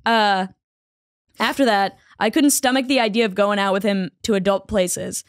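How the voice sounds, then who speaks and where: A woman's voice: mid-range voice, moderate pace, no room sound, clean studio sound. A woman co-hosting a casual chat show, reading a letter aloud with frequent laughter and playful put-on voices. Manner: animated, laughs often, puts on silly voices. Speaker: podcast co-host reading a letter.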